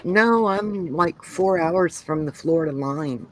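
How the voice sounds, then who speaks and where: Woman from Georgia, craft-stream co-host reading the chat: unhurried, laid-back delivery. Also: lowish voice, rough recording. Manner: relaxed, reads out comments. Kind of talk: reading viewer comments aloud.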